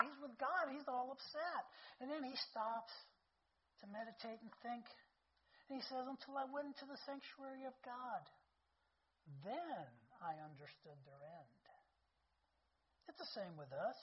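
A woman's voice: sits high, slight background noise. A woman preaching a conversational sermon who keeps checking in with her listeners, heard on a dull lo-fi recording.

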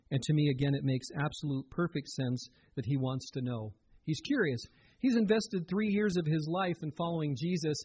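A pastor preaching a sermon in an earnest, conversational way, often putting questions straight to his listeners. His voice sits a little high for a man and has a husky, breathy edge. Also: a little mellow.

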